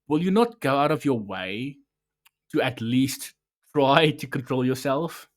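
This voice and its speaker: A man's voice: medium pitch, animated, unhurried. A man hosting a podcast, talking in a rambling, sarcastic, profane way while reviewing a show. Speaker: podcast host. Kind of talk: casual review chat.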